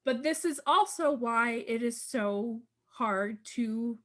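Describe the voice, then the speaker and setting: A woman with a fairly high voice co-hosts a fan podcast. She speaks emphatically, racing through long points and breaking into laughter. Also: takes it slowly, fairly bright tone. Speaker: podcast co-host. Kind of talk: casual fan discussion.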